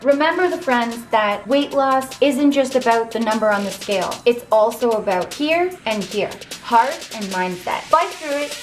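A woman's voice: on the high side, animated, normal speed, hardly any pauses, slight background noise. A woman hosting a cooking vlog, chatting in a bubbly, enthusiastic way and cheering her viewers on. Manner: bubbly, enthusiastic, upbeat encouragement. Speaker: weight loss cooking vlogger. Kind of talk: casual cooking vlog chat.

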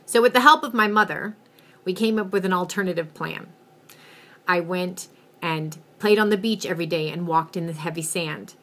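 A woman vlogger telling a personal story to camera in an expressive, emphatic way. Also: on the low side, normal speed, a little hiss or hum.

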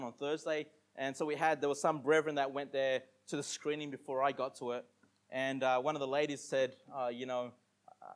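A pastor preaching a conversational sermon, reading scripture aloud slowly and emphatically between casual asides to the congregation. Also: male voice, mid-range voice. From Australia.

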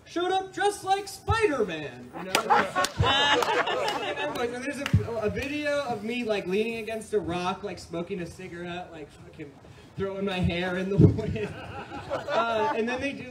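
Stand-up comic, man from New York, high voice, swearing and rambling, chuckles at his own bits, heard from afar. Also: measured pace, a loud crowd. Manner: profane, rambling, laughs at own jokes. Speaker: stand-up comedian. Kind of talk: stand-up set. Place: comedy club stage with audience. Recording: distant mic, noisy live room.

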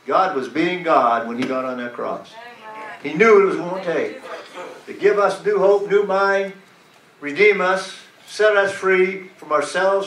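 High lively voice, pastor guy preaching loose and folksy, bright tone, echoey church from a distance. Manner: folksy, emphatic preaching with laughs. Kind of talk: sermon. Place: church sanctuary. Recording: echoey room, mic from a distance.

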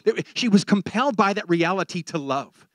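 A man preaching a sermon in an animated way, often repeating words as he builds a point. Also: high-pitched, a little fast, dry recording, clean studio sound.

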